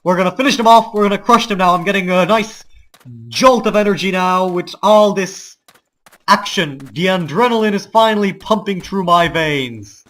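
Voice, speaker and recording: Over loud game ambience and rumbling vehicles, a man with a high-sitting voice comments on his play at a moderate pace. He's from the Balkans but forces an American accent, swinging between pompous war oratory and wry asides.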